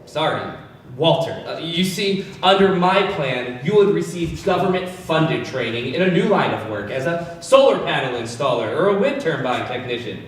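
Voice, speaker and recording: A man's voice: fairly high pitch, sing-song, normal speed, a little hiss or hum. Hesitant, stammering man in an echoey room. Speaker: political candidate. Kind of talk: scripted comedy sketch. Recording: echoey room, distant mic.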